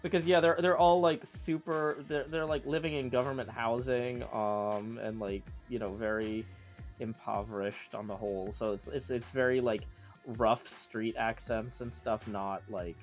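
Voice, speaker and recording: A man's voice: medium pitch, fairly even intonation, moderate pace. A man streaming live, chatting casually and reading out viewer messages. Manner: chatty, reads out viewer messages and thanks tippers. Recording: faint music behind.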